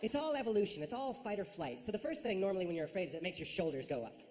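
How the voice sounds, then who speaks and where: A man performing a stand-up routine on a theater stage, lively and jumping into high silly voices. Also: rapid-fire. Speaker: stand-up comedian. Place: large ornate theater stage. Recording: reverberant theater with audience noise.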